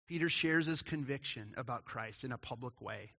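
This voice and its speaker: A man's voice: medium pitch, moderate pace, gravelly, bright, forceful tone, dull audio. A man preaching a sermon in a conversational way, asking his listeners questions. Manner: conversational, asks the audience questions. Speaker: pastor.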